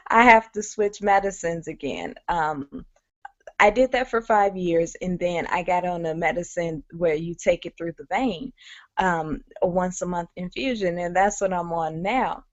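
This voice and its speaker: A woman's voice: on the low side, unhurried, no room sound. Candid woman telling her story, lo-fi. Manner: candid, conversational, many fillers. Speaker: guest speaker. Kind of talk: personal story on a webinar. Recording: muffled lo-fi audio.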